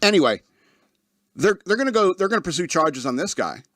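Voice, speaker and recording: A man's voice: high-pitched, big pitch swings, brisk, a bit bright, no room sound, clean studio sound. A man hosting a talk radio show, reading news stories aloud and breaking off into sarcastic asides and complaints. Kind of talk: casual news commentary.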